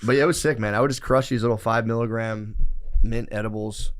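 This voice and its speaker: A man's voice: lowish voice, steady tone, a little fast, smooth. A man, telling a rambling, profane story in casual podcast chat. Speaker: podcast co-host.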